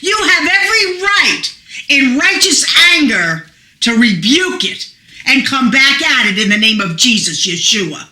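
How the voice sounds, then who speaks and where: Woman preaching hard, high bright voice, slow and emphatic, echoey room. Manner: fervent, emphatic, rising to shouts. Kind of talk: sermon.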